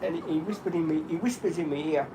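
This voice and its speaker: A man's voice: fairly high pitch, fast talker, background noise. Rambling Australian man telling stories. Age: middle-aged. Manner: rambling, animated storyteller, laughs a lot. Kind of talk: casual chat on a livestream.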